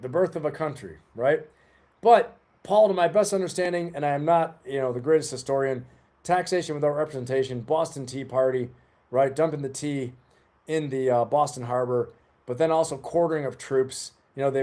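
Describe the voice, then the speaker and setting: Mellow-voiced man hosting a livestream. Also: a little high. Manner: rambling, chatty, talks to the chat. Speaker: livestream host. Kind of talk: casual live-stream chat.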